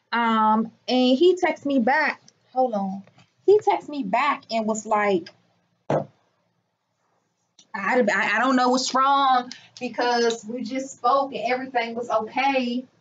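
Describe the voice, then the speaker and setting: A woman telling a story in a casual vlog from her clinic, indignant and animated, acting out the people she quotes. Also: a little high. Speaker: business owner and healer. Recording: muffled lo-fi sound.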